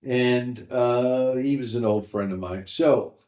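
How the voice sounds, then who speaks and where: A stand-up comedian in his sixties, telling animated stories from his career in an interview. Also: mid-range voice, takes it slowly. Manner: animated anecdotes, mimics voices in quotes. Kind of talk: storytelling interview. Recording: roomy echo.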